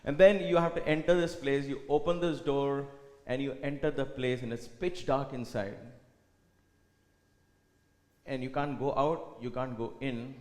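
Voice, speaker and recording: A man giving a reflective spiritual talk at a retreat, often dropping to a soft hush. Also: medium pitch, steady tone, a little slow. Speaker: retreat speaker. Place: retreat hall. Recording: echoey hall with long reverb.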